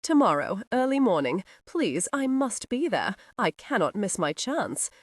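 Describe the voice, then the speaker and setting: A woman voicing a frightened but defiant young gentlewoman who pleads in a high, strained voice. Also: sing-song, measured pace, no room sound, clean studio sound. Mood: frightened pleading.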